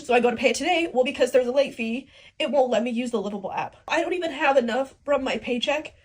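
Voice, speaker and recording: Husky woman ranting fast about rent, emotional and kinda all over the place. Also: high-pitched. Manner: emotional, rambling. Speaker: single parent vlogger. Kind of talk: casual vlog rant.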